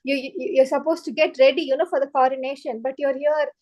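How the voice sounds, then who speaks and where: A woman's voice: high voice, steady tone, fast talker, a little mellow, lightly acted. A woman voicing a grieving queen mother who begs her son to stay, in a children's story lesson. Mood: fond, worried.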